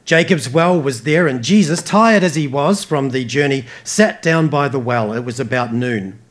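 A man with an Australian accent preaching a sermon earnestly, rising emphatically and dropping soft. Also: mid-range voice, normal speed. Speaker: pastor.

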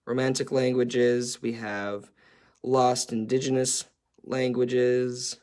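A man's voice: mid-range voice, little pitch movement, slow, darkish tone. A man facilitating a workshop, explaining a chart in a conversational way with frequent ums and uhs.

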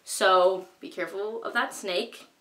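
A woman's voice: mid-range voice, fairly even intonation, measured pace, a bit bright. A young woman hosting a Bible study, retelling the story in a breezy, slangy way full of "like". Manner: breezy, slangy, heavy use of "like".

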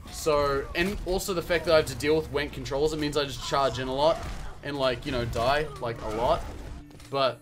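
A young man with a New Zealand accent, chatting casually and excitably while streaming a game, swearing and yelling at the action. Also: medium pitch, moderate pace, soft background music. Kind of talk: casual live-stream gameplay chat.

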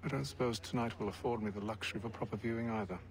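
Man voicing a video game gentleman, very low voice, composed, measured, clipped. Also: lightly acted. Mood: calm.

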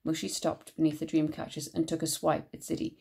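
A woman teacher reading a children's book aloud with expressive storytelling narration. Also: low voice, brisk, gravelly, breathy edge.

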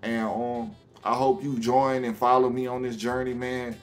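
A young man from Alabama with a Southern accent, talking casually to camera on his own channel, halting with many ums and restarts, faint music behind. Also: medium pitch, flat delivery. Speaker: YouTuber.

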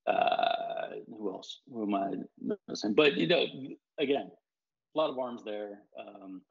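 A man talking baseball as a reporter in a casual chat. He speaks haltingly, with many fillers and restarts. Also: fairly low pitch, lively intonation, gravelly, husky, lo-fi sound.

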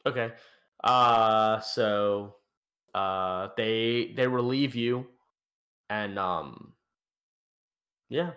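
Slow, bright-voiced young game master. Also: male voice, on the low side. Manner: halting, full of restarts and fillers. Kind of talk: narrating a tabletop game.

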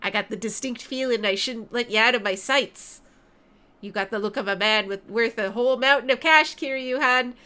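A woman's voice: a little high, moderate pace, sharp tone, clean tone. A woman voicing a scheming male gangster who turns on his boss, reading game dialogue aloud on a stream. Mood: menacing.

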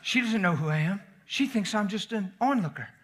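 A middle-aged man preaching a storytelling sermon, animated, swinging from shouts down to whispers. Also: sits high, a little fast, a little hiss or hum.

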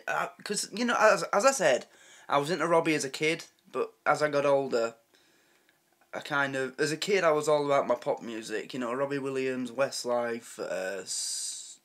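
A man's voice: medium pitch, fairly bright tone. A man hosting a reaction video, chatting in a rambling, openly moved way. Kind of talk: casual reaction commentary.

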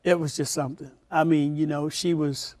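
An older man, a father, recalling a family reunion in a slow, heartfelt, reflective way. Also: a little high, fairly even intonation, a little mellow, no room sound. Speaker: guest. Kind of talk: heartfelt recollection.

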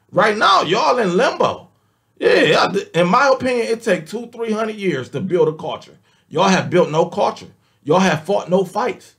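High gravelly guy ranting, aave accent, swears a lot, pitch swings all over. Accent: African American Vernacular English. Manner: emphatic, swears often, repeats oaths, voice leaps up when worked up. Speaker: vlogger ranting to camera. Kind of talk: heated monologue rant.

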